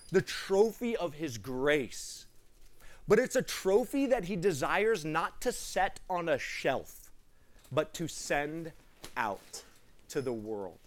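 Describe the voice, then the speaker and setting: An excitable man with a fairly high voice preaches a sermon to a live gathering. He tells his stories with animated energy and leans hard on key words. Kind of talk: sermon with personal story.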